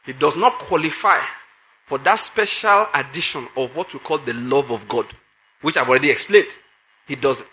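A man's voice: mid-range voice, moderate pace, bright, forceful tone. A man preaching a sermon, emphatic, repeating phrases and putting questions to his listeners.

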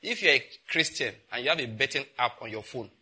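A middle-aged Nigerian man preaching a sermon, telling stories and acting out conversations in an animated way. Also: a little fast, breathy edge. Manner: animated storytelling, acts out exchanges with rising pitch and laughter. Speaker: pastor.

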